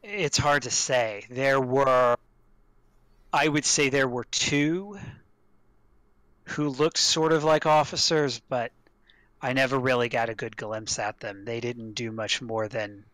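Guy doing a tough beat-up lady ex-prisoner, blunt, slow, bright dry voice. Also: medium pitch, steady tone, dry recording. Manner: blunt, dry, plain-spoken. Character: battered tough female ex-prisoner, blunt and scornful.

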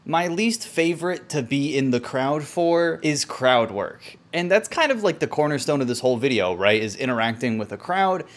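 Guy reacting to comedy clips, sarcastic n incredulous, bouncy pitch. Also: animated, normal speed, hardly any pauses. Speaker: YouTube commentator. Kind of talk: reaction commentary.

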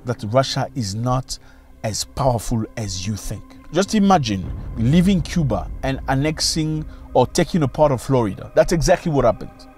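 A man giving opinion commentary on current events in a video, emphatic and full of rhetorical questions, his pitch swinging widely as he argues. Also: animated, normal speed, darkish tone, faint music behind.

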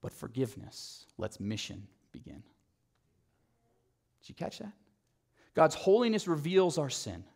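A male pastor preaching a sermon, telling the story with animation and dropping to a soft, low voice on key phrases. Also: unhurried, gravelly, pauses often, husky. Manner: animated storytelling, acting out quotes.

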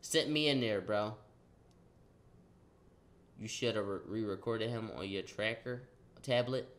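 A young man casually telling a story in slang, acting out the quotes loudly. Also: lowish voice, unhurried. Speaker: vlogger.

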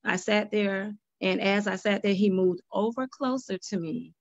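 A woman's voice: medium pitch, a little slow, dry recording, lo-fi sound. A woman speaking as a panel guest, giving earnest personal testimony and retelling past conversations. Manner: earnest storytelling, quoting past dialogue.

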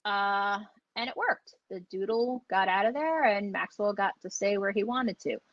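A woman's voice: medium pitch, moderate pace, no echo. A woman dog trainer teaching online, chatty and enthusiastic, acting out the dogs as she explains. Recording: dull lo-fi audio.

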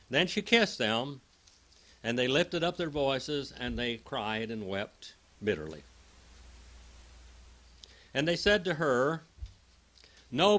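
Preacher, male, bright, clear tone; reads verses, then chats through them. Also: medium pitch. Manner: conversational Bible teaching, reads scripture then explains it. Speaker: pastor. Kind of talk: sermon.

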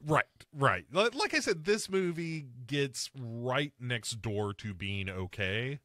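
A man's voice: mid-range voice, animated, slow, bright, forceful tone, dry recording, clean studio sound. A man hosting a podcast, recapping a film scene by scene in casual chat and slipping into mocking voices for the characters. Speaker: podcast host.

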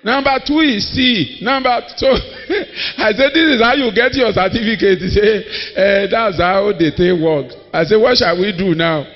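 A man's voice: high-pitched, a little slow. A man preaching a sermon, emphatic and storytelling, acting out the people in his stories. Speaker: pastor. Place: church hall. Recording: dull audio in a long-reverb hall.

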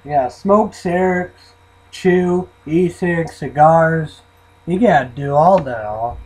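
A man's voice: fairly high pitch, takes it slowly, darkish tone, rough recording. A man rambling and swearing in a casual vlog, often trailing off into mumbles. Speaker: vlogger reviewing an energy drink.

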